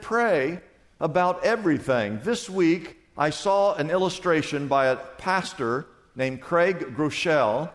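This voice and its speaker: A man's voice: on the high side, in a large hall. A man pastor preaching a sermon to his congregation in a church, emphatic and asking them questions. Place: church sanctuary.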